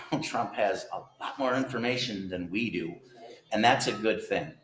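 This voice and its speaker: A man vlogging in a casual, meandering monologue, folksy and heartfelt, now and then bursting out loud. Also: fairly low pitch, roomy sound, slight background noise.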